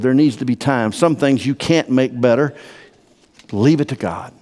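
A man preaching a sermon as pastor, emphatic and swinging from hushed to loud. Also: medium pitch, normal speed. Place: church sanctuary. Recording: long church-hall reverb.

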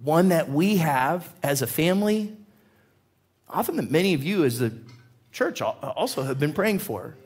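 A man preaching a sermon as a pastor, telling a personal story in an animated way, his voice climbing as the tale builds. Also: on the high side, moderate pace, husky. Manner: animated storyteller, voice rising with excitement. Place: church.

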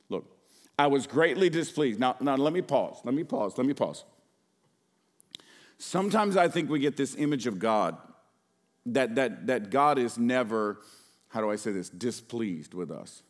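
A man's voice: medium pitch, lively intonation, a little slow. Dynamic preaching pastor, man. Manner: dynamic preaching, swings from loud to hushed. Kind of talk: sermon.

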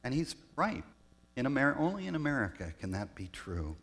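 A man, a pastor raised in Southern California, telling personal stories in a reflective sermon with pauses. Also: medium pitch, big pitch swings, a bit bright, slightly rough. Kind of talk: storytelling sermon.

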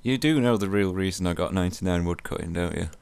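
A man's voice: low voice, fast talker, creaky, darkish tone, smooth. Jokey young gamer guy. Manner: jokey, playful banter with sudden squeals. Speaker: co-host gamer. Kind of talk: casual gaming chat.

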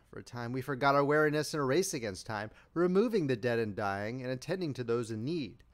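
A man narrating with a lively voice. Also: mid-range voice. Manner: dramatic, expressive storytelling. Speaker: audiobook narrator. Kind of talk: scripted narration.

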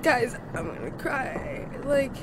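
A high-voiced woman commentates a horror game, frightened and screaming as she goes. She drags her words out slowly and swears often. A clear layer of noise runs under her home stream recording. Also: expressive. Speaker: gaming streamer.

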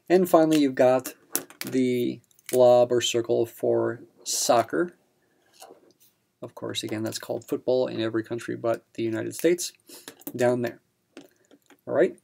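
Gravelly patient math teacher, man. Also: medium pitch, measured pace, pauses often, a little mellow, a little hiss or hum. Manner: patient step-by-step explanation with fillers. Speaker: math instructor. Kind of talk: explaining a practice problem.

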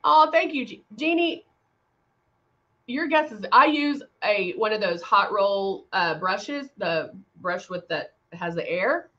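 A woman's voice: mid-range voice, animated, takes it slowly, a bit bright, lo-fi sound. A woman hosting a casual live-stream makeup chat. She rambles, laughs often and reads out viewer comments. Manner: laughs often, many fillers. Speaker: makeup brand host.

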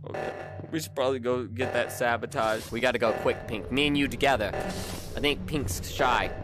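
A man streaming a VR game, joking constantly and swinging between low mutters and sudden high shouts. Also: moderate pace. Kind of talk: joking gameplay chatter. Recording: game music loud in background.

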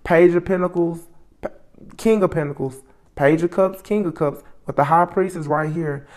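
A woman giving a solo tarot reading, musing aloud as she names each card, with soft exclamations along the way. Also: lowish voice, moderate pace. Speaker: tarot reader.

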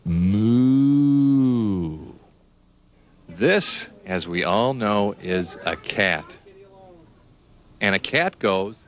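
A man's voice: low-pitched, animated, slow pace, sharp tone, muffled recording. A man teaching young children animal names, spelling words out letter by letter and asking the listener questions.

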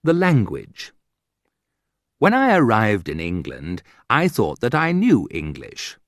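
Male narrator with a lowish voice reading humorous prose, ironic and dry, close and unreverberant. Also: wildly swooping pitch, slow pace, dry recording. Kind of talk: reading a humorous essay aloud.

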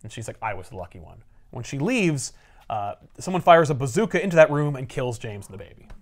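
A man co-hosting a casual podcast, retelling a comic book plot with laughter and quick acted-out lines. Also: mid-range voice. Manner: animated storyteller, laughs often, acts out characters' lines. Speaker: podcast co-host.

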